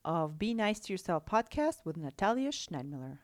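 A woman's voice: fairly low pitch, very animated, moderate pace. A woman from Russia and Canada, a podcast host and life coach, talking casually and restarting phrases, often checking in with "right?". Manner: conversational, with frequent restarts and "right?" tags. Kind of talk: solo podcast talk.

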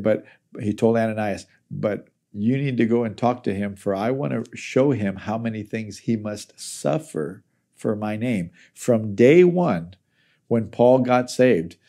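Low mellow-voiced male pastor teaching. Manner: conversational Bible teaching, paraphrasing scripture. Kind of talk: sermon.

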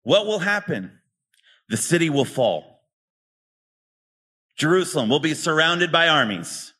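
A man preaching a sermon in a relaxed, conversational way, often tossing rhetorical questions to his listeners. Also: a little high, unhurried. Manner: casual, asks rhetorical questions. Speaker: pastor.

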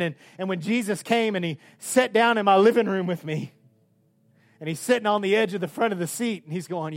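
A man preaching a sermon with passion, swinging between loud outbursts and hushed, quiet stretches. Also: high voice, moderate pace. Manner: impassioned, swinging from shouts to hushed tones.

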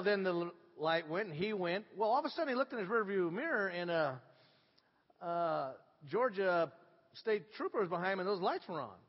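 A middle-aged man preaching a sermon, telling stories with lively swings from hushed to loud. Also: high-pitched. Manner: animated storytelling, swinging from hushed to shouting. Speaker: pastor. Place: church sanctuary. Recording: dull sound with long hall reverb.

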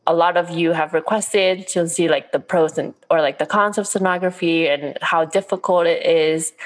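A woman co-hosting a casual podcast, upbeat and chatty with lots of fillers. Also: low voice. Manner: upbeat, laughs often, many fillers. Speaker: podcast co-host.

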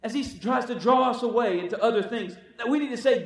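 This is a fast-talking man with a very high voice, preaching to his listeners, pressing them with frequent shouts of "come on" and performing the quotations he tells. The audio comes from far off in a reverberant room.

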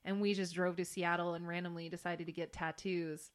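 A woman's voice: fairly low pitch, flat delivery, fairly quick. Chatty young woman, rambling and laughing. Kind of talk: casual chat.

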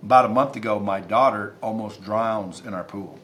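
A man's voice: lowish voice, moderate pace, fairly bright tone, a little hiss or hum. A man who is a podcast guest, telling stories in an emphatic, intense way and swearing freely. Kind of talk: casual interview storytelling.

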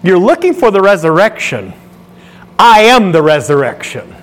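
A man voicing a calm, commanding male teacher who speaks in firm declarations. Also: sits high, normal speed, voice pushed down.

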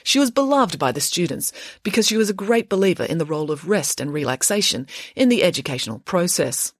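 A woman reads a children's story with a lively, swooping delivery at a middle pitch. The recording is dry and close, with no room sound. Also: brisk, dry recording. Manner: expressive, animated reading.

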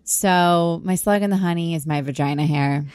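Deep-voiced blunt woman co-host. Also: normal speed, a little mellow, clean tone, no room sound, clean studio sound. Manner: candid, blunt, self-deprecating. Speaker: podcast co-host. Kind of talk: casual chat. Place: on a sailboat. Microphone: podcast mic.

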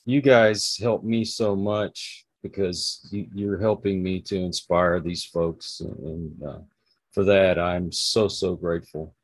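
Earnest low-voiced male host. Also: steady tone, slow, no echo. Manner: earnest, encouraging. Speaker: interview host. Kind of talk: casual interview conversation.

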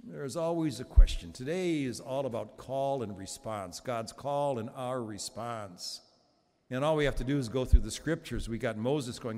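A man's voice: medium pitch, moderate pace, a little mellow, big-room sound. A Catholic priest in his seventies giving a sermon in a conversational, humorous storytelling manner, with frequent restarts.

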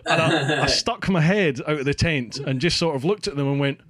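A man with a Scottish accent, hosting a casual chat and telling stories in an animated way, acting out what people said and swearing casually. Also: a little high, a little fast, no echo. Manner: animated, acts out quoted speech, swears casually. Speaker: podcast host.

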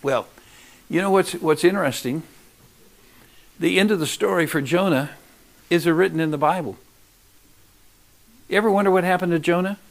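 A man preaching a sermon, emphatic, swinging between loud urging and hushed asides. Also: high voice, moderate pace, creaky, long pauses.

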